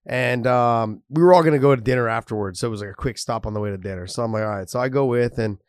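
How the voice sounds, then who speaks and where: A man's voice: mid-range voice, fast, smooth, no room sound, studio quality. A man co-hosting a talk show, telling a story in a rambling, amused way and laughing as he goes. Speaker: podcast co-host. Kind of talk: casual storytelling.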